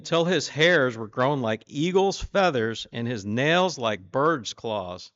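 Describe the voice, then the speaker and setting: A man's voice: dry recording, muffled recording. A man giving an informal sermon, reading scripture and asking his listeners questions in a conversational way. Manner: voices the king boastfully, louder and higher. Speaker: preacher.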